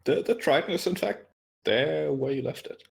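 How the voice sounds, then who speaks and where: A man's voice: a little high, animated, normal speed, gravelly, a little hiss or hum. A man narrating as game master in a tabletop game, describing scenes hesitantly with frequent fillers and restarts.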